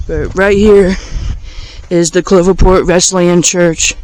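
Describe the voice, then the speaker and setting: A man's voice: high-pitched, fairly even intonation, slow, darkish tone, rough recording. A man chatting casually to his viewers while walking around a small riverside town with a handheld camera, easily amazed by what he sees. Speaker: vlogger.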